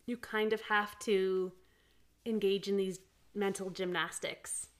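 A woman co-hosting a podcast in casual book chat. She thinks aloud in a wry, musing way and drops dry, teasing asides, at a middle pitch. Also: fairly even intonation, slow pace. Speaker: podcast co-host.

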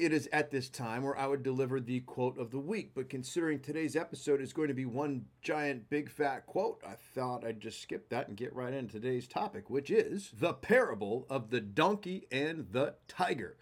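A man's voice: medium pitch, expressive, fairly quick, hardly any pauses. A man hosting a solo podcast, talking casually and emphatically, with a self-deprecating touch. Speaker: podcast host.

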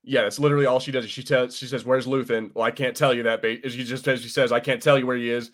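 A man's voice: medium pitch, fairly even intonation, quick pace, fairly bright tone. A man co-hosting a podcast, chatting casually about a TV episode, rambling with lots of fillers and the odd swear word. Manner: rambling, many fillers and restarts, swears freely. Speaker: podcast co-host. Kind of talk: casual chat reviewing a TV episode.

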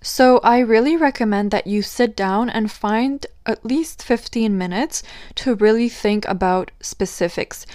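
A woman's voice: a little high, measured pace, a little mellow, dry recording, studio quality. A woman hosting her own podcast, giving upbeat advice and asking her listeners questions. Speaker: podcast host. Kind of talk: solo podcast talk.

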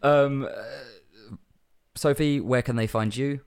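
A man's voice: medium pitch, fairly even intonation, takes it slowly, gravelly. A young man co-hosting a casual podcast, joking and laughing often as he signs off. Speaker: podcast co-host.

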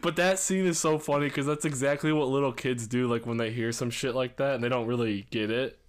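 A man's voice: medium pitch, fairly even intonation, brisk, smooth. A young man, a podcast co-host chatting casually and swearing a lot as he rambles. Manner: rambling, swears a lot, acts out movie quotes. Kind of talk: casual chat.

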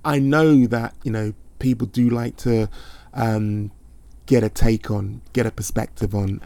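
A man co-hosting a podcast in casual chat, talking in a measured, agreeable way with frequent restarts. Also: mid-range voice, creaky, darkish tone, no echo. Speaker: podcast co-host.

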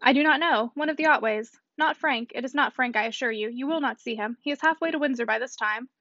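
An earnest middle-aged gentleman guards a secret in a storybook, keeping his voice low and evasive, read by a woman. The delivery is quick and rather high. The recording is dull and dry. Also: no room sound. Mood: guarded. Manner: hushed and evasive.

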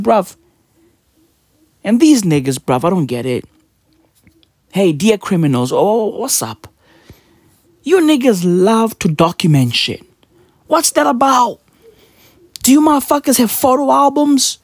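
A man hosting a comedic podcast, ranting in a mocking, profane way, firing rhetorical questions and often jumping up into high, yelping exclamations. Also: very animated, unhurried, long pauses, breathy edge, dry recording, clean studio sound. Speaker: podcast host.

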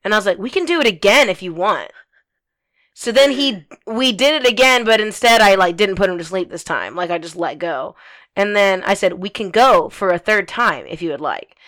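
A woman's voice: medium pitch, animated, normal speed, fairly bright tone. A young woman telling a story in casual podcast chat, blunt and swearing freely, with many fillers.

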